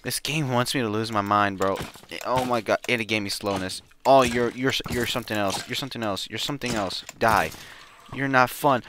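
A man giving casual gameplay commentary, excitable and slangy, swinging from muttering to yelling. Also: medium pitch, normal speed, a little hiss or hum. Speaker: gaming channel host.

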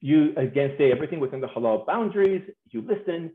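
A man giving a humorous conference talk on marriage, animated and playful, acting out voices and laughing often. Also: a little high, fast talker. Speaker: speaker on marriage. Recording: tinny phone-like sound in an echoey room.

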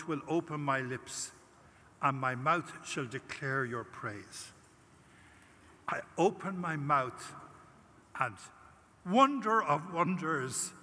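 A man's voice: on the high side, bright, forceful tone, slight background noise. An older Irish priest giving a conference talk, telling a personal story and acting out his prayers with animation. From Ireland. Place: large conference hall. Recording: long hall reverb.

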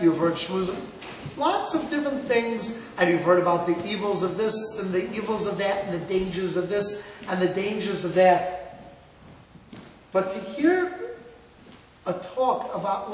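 A middle-aged rabbi from Cleveland giving an earnest sermon, telling stories and mixing in Hebrew and Yiddish words. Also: male voice, high-pitched, fairly bright tone. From Cleveland, Ohio, USA. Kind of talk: sermon to a live audience. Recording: echoey hall, mic far off, faint noise.

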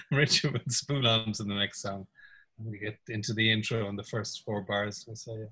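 A man's voice: on the low side, huge pitch swings, slow, long pauses, bright, forceful tone, slightly rough, poor audio. Older Irish man telling anecdotes. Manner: anecdotal, chuckles often, mimics voices in stories. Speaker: music producer guest. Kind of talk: casual reminiscing interview.

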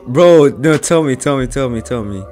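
A man's voice: medium pitch, lively intonation, normal speed, darkish tone, faint music behind. A brash young man chatting and joking crudely with strangers in a virtual game world. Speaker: VR chat streamer. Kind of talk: casual chat with strangers in a game.

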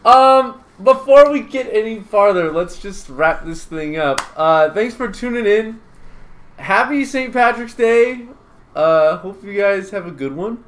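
A man's voice: sits high, animated, unhurried, few pauses, a bit bright. A young man hosting a casual, joking chat while playing a video game. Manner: goofy, joking. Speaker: show host. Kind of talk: casual chat over gameplay.

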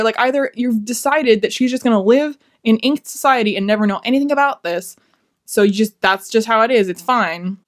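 A woman's voice: medium pitch, a little fast. A woman giving a casual, rambling book review, sounding exasperated and swearing freely.

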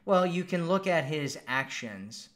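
Upbeat man with a fairly high voice. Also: animated, a little slow, a bit bright. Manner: casual, upbeat, chatty. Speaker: dating coach hosting a live stream. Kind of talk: live stream reading viewer comments.

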